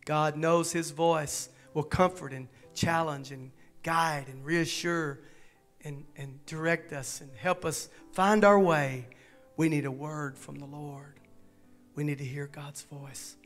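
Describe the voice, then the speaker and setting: Man, pastor, preaching, light higher voice, quiet organ behind. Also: fairly even intonation, slow pace. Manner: soft and low at first, rising to fervent preaching. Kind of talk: sermon. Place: church sanctuary.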